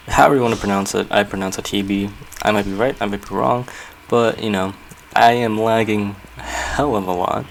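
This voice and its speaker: A man's voice: on the low side, slight background noise, low-quality recording. A man hosting a casual building video, chatting loosely and thinking aloud with frequent fillers and self-corrections. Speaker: Minecraft builder and channel host. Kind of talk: casual gameplay commentary.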